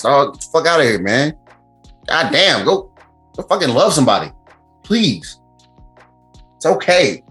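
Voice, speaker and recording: A man hosts a casual podcast, talking in a bright, forceful voice that swings widely in pitch. He is animated and profane, breaking into laughter often. Faint music runs underneath. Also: a little slow, pauses often. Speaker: podcast host. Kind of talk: casual chat.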